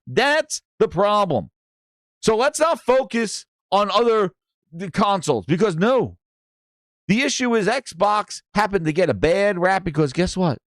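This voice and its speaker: A man's voice: sits high, a little slow, dry recording, studio quality. A man hosting a gaming livestream, ranting with profanity and calling out viewers in the chat. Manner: animated, profane, shouting out chat names.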